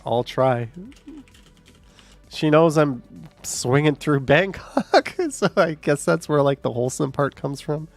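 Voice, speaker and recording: A man's voice: a little high, expressive, slow pace, soft background music. A man hosting a casual livestream, reading out chat comments with joking, sarcastic asides and a bit short of breath.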